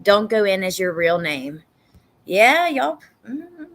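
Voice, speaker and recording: A true crime livestream host with a Southern US accent chats casually, reading viewer comments and now and then swearing for emphasis. Her voice is medium-pitched and fairly bright, moving slowly with big swings in pitch.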